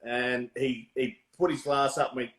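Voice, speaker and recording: A man's voice: medium pitch, fairly even intonation, moderate pace, fairly bright tone. An Australian man, a tattoo artist, telling stories in a casual interview, acting out quotes and swearing freely.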